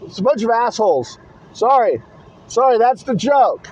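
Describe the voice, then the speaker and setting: A man's voice: very high-pitched, big pitch swings, normal speed, a little hiss or hum. A man rambling in a casual vlog from inside his car, blunt and swearing constantly, recorded on a phone camera in a car holder. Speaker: vlogger. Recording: dull lo-fi phone audio in car.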